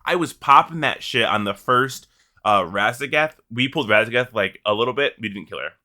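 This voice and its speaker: Animated, bright-voiced man swearing casually. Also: medium pitch, a little fast. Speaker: podcast co-host. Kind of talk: casual gaming chat.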